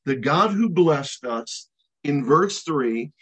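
Husky middle-aged man, pastor mid-sermon, emphatic, stretches key words and drops his voice at the ends of phrases. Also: fairly high pitch, animated, a bit bright, low-quality recording. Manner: emphatic, slows to stress key words, drops to near-silent on final words. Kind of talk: expository sermon.

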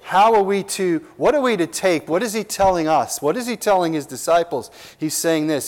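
A high-pitched man preaches an expository sermon as pastor. He sounds earnest and emphatic, drawing out key stresses slowly and asking rhetorical questions.

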